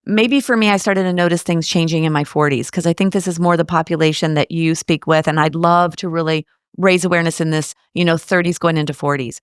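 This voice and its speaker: Chatty american woman in her late 50s, bit low voice, dry close sound, tells stories with lots of asides. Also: a little fast, clear, resonant tone, dry recording. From United States. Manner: chatty, animated storytelling with rhetorical asides. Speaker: guest. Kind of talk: casual interview conversation.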